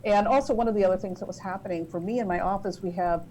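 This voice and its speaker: A woman's voice: medium pitch, quick pace, slight background noise, rough recording. Conversational woman guest telling stories. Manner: warm conversational storytelling with "you know" fillers. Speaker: guest author and tarot reader. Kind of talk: podcast interview answer.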